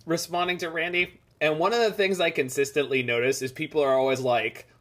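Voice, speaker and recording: A man's voice: on the high side, fairly even intonation, fairly quick, fairly bright tone. A man streaming a game, chatting casually and rambling as he reads the chat aloud. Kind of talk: casual live-stream chat over gameplay.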